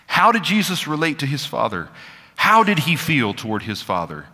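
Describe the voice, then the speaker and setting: Male pastor, bright forceful tone, chatty humor and slow emphatic scripture reading, long church reverb. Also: fairly high pitch, huge pitch swings. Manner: conversational and joking, slowing down for emphatic scripture reading. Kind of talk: sermon. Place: church sanctuary.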